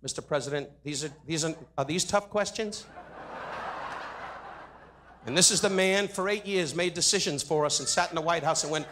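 A man at a benefit dinner in a hotel ballroom, delivering an insult comedy roast in rapid jabs and mock-sincere asides into a podium microphone. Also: a little high, a bit bright, slight background noise. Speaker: comedian roasting the guest of honor.

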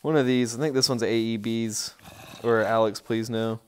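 A man giving casual, rambling commentary on a tour of his game village, easily excited and breaking into sudden outbursts. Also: medium pitch, normal speed, clear, resonant tone.

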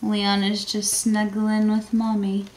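A tired young mother chatting casually in a home vlog, soft-spoken, with lots of fillers and little laughs. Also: mid-range voice, monotone, slow pace. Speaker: family vlogger, mother. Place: bedroom at home. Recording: roomy room, faint noise.

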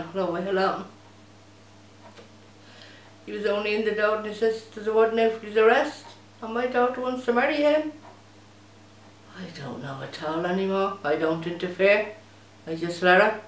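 A woman's voice: mid-range voice, normal speed, natural voice. Woman doing a weary mammy. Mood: resigned. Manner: flat, resigned grumbling. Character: weary, put-upon Dublin mother. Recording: echoey room with noise.

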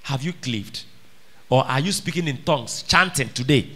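A man's voice: mid-range voice, expressive, moderate pace, a bit bright. A man preaching a sermon, emphatic and questioning his listeners directly. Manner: emphatic, calls out questions to the congregation.

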